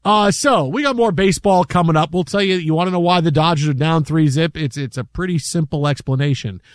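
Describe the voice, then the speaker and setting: A middle-aged man hosting a sports talk show, telling a story in an animated way and acting out the voices of the people in it. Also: fairly high pitch, a little fast, no room sound, clean studio sound. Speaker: sports radio host.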